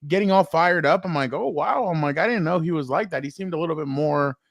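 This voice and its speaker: An animated man co-hosting a casual sports chat, with a fairly high voice. He sounds playful and quick to jump in. The sound is dry and close, with no room echo. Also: vocal fry. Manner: animated, breaks into playful repeated exclamations. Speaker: podcast co-host.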